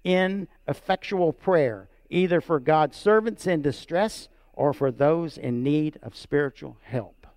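Gravelly preacher, high and dry. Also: male voice, a little slow, few pauses, no echo. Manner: storytelling, repeats words, asks "right?" and "amen?" of the congregation; voice climbs high and loud when stressing a point, drops low and soft for quiet lines. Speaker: pastor. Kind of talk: sermon.

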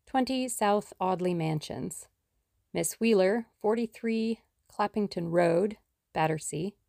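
A woman voicing a lively, impatient young woman sleuth in an audiobook, brisk and plucky. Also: mid-range voice, creaky, dry recording, studio quality. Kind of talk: audiobook character reading.

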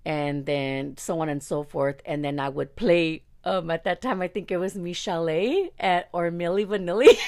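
A woman casually telling a personal story, candid and profane, animated and quick to laugh. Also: on the low side.

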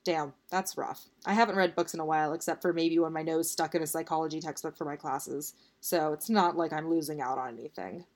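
A cheeky, easygoing young man at college, as a woman reading aloud puts him on, teasing and relaxed in a storybook telling. The voice sits a little low. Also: a little fast, hardly any pauses, lightly acted.

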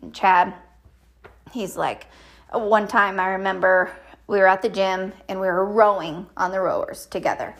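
A woman's voice: medium pitch, moderate pace. A middle-aged woman chatting in a rambling, casual monologue as a podcast host. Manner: chatty, rambling, animated quoted voices.

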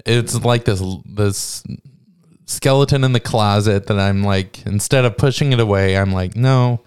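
A man's voice: fairly low pitch, normal speed, clean tone. A man hosting a podcast in a casual, playful, rambling chat. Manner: playful, rambling, self-aware. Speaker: podcast host.

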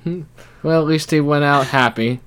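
A man's voice: a little high, moderate pace, a bit bright, smooth. A young man co-hosting a casual chat, rambling through a musical's plot and laughing often. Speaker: podcast co-host.

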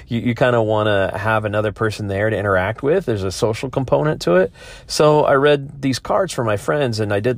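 A man hosting a podcast, talking in a rambling, thoughtful way with many restarts. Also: lowish voice. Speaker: podcast host. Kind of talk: casual monologue.

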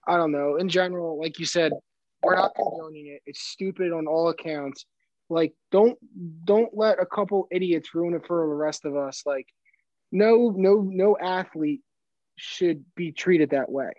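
A man co-hosts a casual sports podcast, rambling, stumbling over words, restarting sentences and swearing freely. His voice is fairly high with a darkish tone and a measured pace, and the recording sounds dull and dry, with no room sound.

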